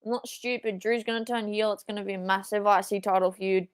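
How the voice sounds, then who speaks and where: A young Australian woman streaming a live wrestling watchalong, excitable, swearing and shouting at big moves. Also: medium pitch, a little fast, few pauses, smooth, dry recording. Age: young adult.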